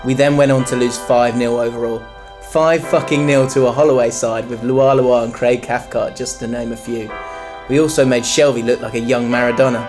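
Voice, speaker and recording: A man's voice: mid-range voice, steady tone, a little fast, hardly any pauses, music in the background. A man co-hosting a casual football podcast, reading listener stories aloud and joking. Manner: reads listener stories aloud, jokey and swearing. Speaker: podcast co-host.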